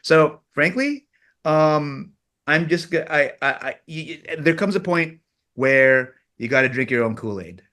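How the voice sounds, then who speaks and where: Animated self-deprecating male director. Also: a little high, unhurried. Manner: animated storyteller, self-deprecating, acts out others' lines. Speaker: film director, guest. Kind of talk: casual interview chat.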